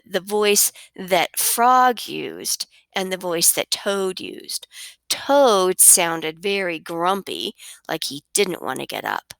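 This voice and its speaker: A woman teaching a recorded reading lesson for children, with an expressive, sing-song teacher's delivery on a close mic. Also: medium pitch, no echo.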